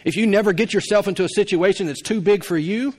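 A middle-aged pastor with a drawl delivers a sermon in a high, easy voice. He talks to the congregation like friends, folksy and conversational, with frequent laughs. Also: quick pace, a little mellow.

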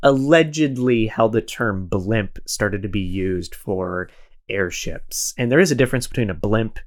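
A man's voice: fairly low pitch, measured pace. A man hosting a podcast in casual chat, rambling and self-deprecating, laughing often. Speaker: podcast host.

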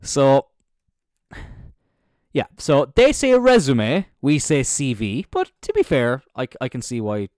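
A young Cork man with a Cork Irish accent hosts a casual solo podcast, speaking slowly at a medium pitch with huge swings and a darkish tone. He rambles and chats, swears freely, and trails off mid-thought. He's seated indoors on a squeaky chair, and the recording is clean studio sound with no room echo.

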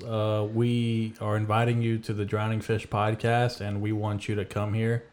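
A man with a fairly low voice hosts a podcast in loose, casual conversation. His humor is dry and deadpan, and he delivers jokes flatly. He speaks at an easygoing pace. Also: moderate pace, few pauses. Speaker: podcast host. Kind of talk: casual chat.

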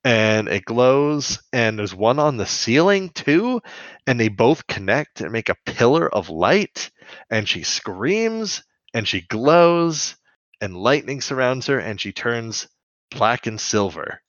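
A man's voice: medium pitch, big pitch swings, takes it slowly, fairly bright tone, no room sound, lo-fi sound. A man co-hosting a podcast, casually recapping a cartoon episode in a rambling way with lots of fillers and laughs. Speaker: podcast co-host.

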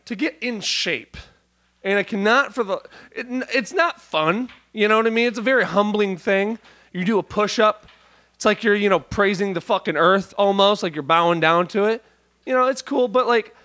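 High-pitched, bright and pushed, this man hosts a comedy podcast into a studio mic with headphones. His casual comedic banter is profane and rambling, full of restarts.

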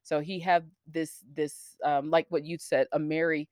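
A woman's voice: low-pitched, flat delivery, unhurried, dry recording, clean studio sound. A woman co-hosting a podcast, telling stories in a chatty way with giggles. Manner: chatty storytelling, giggles, fillers. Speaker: podcast co-host. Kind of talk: casual chat.

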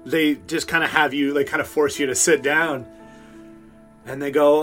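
A man's voice: a little high, steady tone, moderate pace, fairly bright tone, soft background music. A man narrating as game master in a tabletop role-play, in a loose, laid-back way.

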